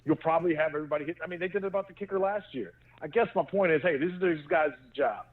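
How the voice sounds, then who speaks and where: A man's voice: on the high side, very fast, narrow, tinny audio. A man co-hosting a podcast, chatting about sports and chuckling often. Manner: animated, chuckling. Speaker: podcast co-host. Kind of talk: casual sports chat.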